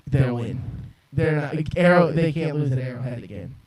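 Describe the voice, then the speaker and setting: A man's voice: mid-range voice, lively intonation, normal speed, far from the mic. A man co-hosting a podcast who hesitates and uses fillers before giving his football picks. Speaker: podcast co-host. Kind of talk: casual sports chat. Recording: roomy, from off-mic with crowd noise.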